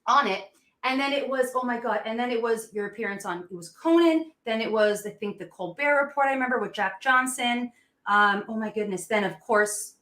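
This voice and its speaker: A woman in her thirties hosting a podcast, chatting in an excited, gushing way with frequent laughs. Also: a little high, roomy sound. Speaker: podcast host. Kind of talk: casual interview chat.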